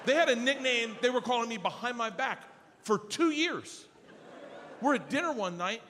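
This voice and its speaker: A middle-aged man doing a stand-up comedy set, telling stories loudly and acting out quoted lines in shifting voices. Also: very high voice, animated, normal speed. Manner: loud storytelling, acts out quotes in shifting voices. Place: comedy stage before a laughing audience. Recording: live stage mic with audience noise.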